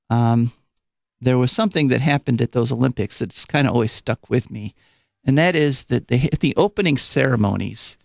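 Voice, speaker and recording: Recorded dry on a studio microphone in a radio studio, a man with a creaky, medium-pitched voice hosts a live call-in show. He chats and rambles with fillers, slightly short of breath.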